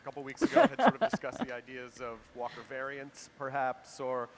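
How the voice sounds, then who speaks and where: A man's voice: medium pitch, sing-song, brisk. A man moderating a convention panel, who often repeats and rephrases his questions. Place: convention hall stage. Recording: panel audio with crowd behind.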